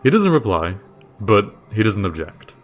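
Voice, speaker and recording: A man narrating a tabletop role-playing game as game master, relaxed and easygoing. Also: lowish voice, a little slow, soft background music. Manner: relaxed, laughs often.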